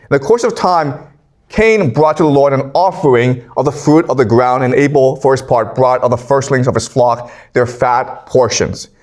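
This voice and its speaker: A man giving a classroom lecture, reading scripture aloud and paraphrasing it loosely, often checking in with the class by asking "okay?". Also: mid-range voice. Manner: conversational, frequent "okay?" check-ins.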